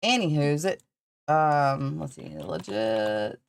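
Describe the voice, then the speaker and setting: A woman's voice: a bass voice, sing-song, takes it slowly, clean tone, no echo. A woman with a Southern accent hosting a podcast livestream, rambling casually, swearing freely and laughing often. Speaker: podcast host.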